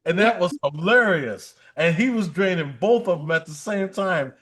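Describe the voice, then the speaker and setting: High-voiced laughing man. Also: expressive, normal speed, fairly bright tone. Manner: laughs often, jokey. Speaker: livestream co-host. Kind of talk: casual chat reading live chat.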